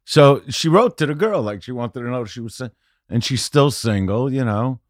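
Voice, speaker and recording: A man telling stories as a podcast guest, profane and rambling, saying "you know" constantly and often building to loud punchlines. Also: medium pitch, moderate pace, no room sound, clean studio sound. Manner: animated, often shouting punchlines. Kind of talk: casual storytelling chat.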